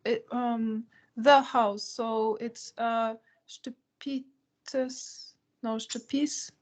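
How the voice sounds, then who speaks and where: Hesitant female student, very slow and halting, somewhat high voice. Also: steady tone.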